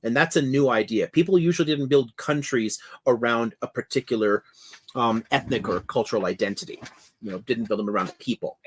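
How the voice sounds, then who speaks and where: A man's voice: medium pitch, fairly quick, husky. Man, history lecturer, thoughtful and discursive, easy laugh, casual chat, video call from a home office. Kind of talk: explanatory lecture in casual conversation. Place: home office with a monitor, indoors.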